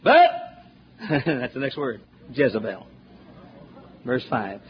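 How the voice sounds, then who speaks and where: A man's voice: mid-range voice, very animated, slow pace. A man preaching a sermon through a Bible chapter, folksy and joking, building to emphatic points, on a dull lo-fi recording with faint noise.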